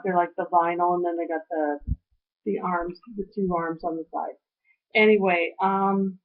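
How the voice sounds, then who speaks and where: A middle-aged woman talks through a personal update in a loose, heartfelt way, circling back with lots of ums and half-finished thoughts. Her voice sits at a typical pitch. The sound is thin and narrow, like it came through a phone. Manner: rambling, heartfelt, trailing off with fillers. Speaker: weight-loss surgery vlogger. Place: at home. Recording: tinny phone-like audio.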